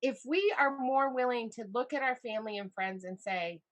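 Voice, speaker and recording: A middle-aged woman, a life coach guest, telling stories animatedly and acting out what people said. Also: moderate pace. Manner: expressive, acts out quotes with big pitch jumps. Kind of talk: animated conversational storytelling.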